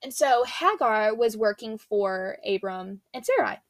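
A woman's voice: on the high side, lively intonation, unhurried, no room sound. A young woman giving a casual devotional talk, earnest and chatty, retelling scripture in a slangy storytelling way. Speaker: faith speaker.

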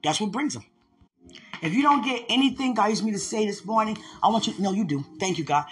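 A preacher delivering a fervent sermon, asking the listeners questions and answering them, and swinging between high, loud passages and low, hushed ones. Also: lively intonation, quick pace, soft background music. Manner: fervent, call-and-response preaching.

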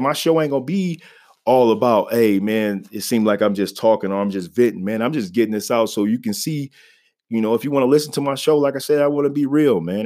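A man's voice: medium pitch, darkish tone. A man hosting his own podcast, talking loosely and conversationally, often saying "man" and "you know". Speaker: podcast host. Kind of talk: casual solo podcast talk. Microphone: home podcast mic.

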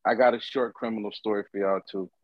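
A man's voice: on the low side, fairly even intonation, quick pace, no echo, lo-fi sound. A man co-hosting a podcast, starting a short story in loose, casual chat.

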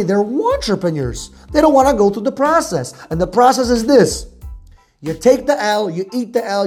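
Mellow-voiced man giving a blunt sales pep talk. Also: high voice. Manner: punchy, repetitive lists, blunt and profane. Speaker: sales coach.

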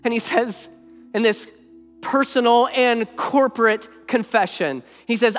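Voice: mid-range voice, normal speed, fairly bright tone. A preacher delivering an emphatic sermon, repeating phrases for weight, in a church sanctuary. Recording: long hall reverb with faint music.

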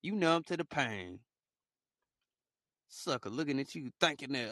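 Bright, dry-voiced man riffing casually. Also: on the high side, expressive, moderate pace, long pauses, dry recording. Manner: rambling, joking, laughs often, mocks haters in put-on voices. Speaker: podcast host. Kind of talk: casual motivational monologue.

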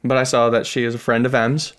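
A young man co-hosting a casual podcast. He tells his stories in a relaxed, chuckling way and often restarts his sentences. His voice sits at an ordinary middle pitch. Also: fast talker, clean tone. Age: young adult. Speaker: podcast co-host. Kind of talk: casual chat.

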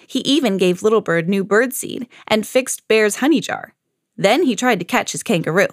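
A woman hosting a children's read-along podcast, reading a picture book aloud in a clear, gentle storytelling manner. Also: medium pitch, animated, moderate pace, dry recording, studio quality.

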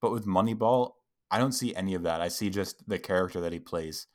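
A man's voice: low voice, a little fast. A man co-hosting a casual film podcast, speaking thoughtfully with frequent ums. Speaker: podcast co-host.

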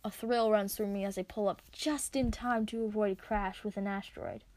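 A woman reading her own story aloud, expressive as she narrates. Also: mid-range voice, normal speed. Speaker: reader.

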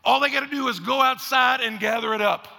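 A man preaching a sermon as pastor, animated, acting out grumbling voices. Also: very high-pitched, brisk, gravelly. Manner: animated preacher, acts out complainers in raised voices. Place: church sanctuary. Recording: long hall reverb.

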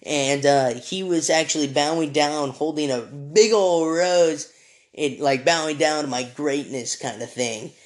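A man's voice: a little high, a little slow. Rambling young man telling a story. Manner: rambling, many fillers and restarts. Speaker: podcast host. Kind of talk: casual storytelling.

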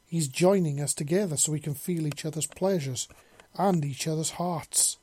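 A man's voice: a little high, moderate pace, slightly rough. A man voicing a bold, teasing lizard-folk woman. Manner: bold, teasing, warm-hearted. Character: confident flirtatious female lizard-folk woman.

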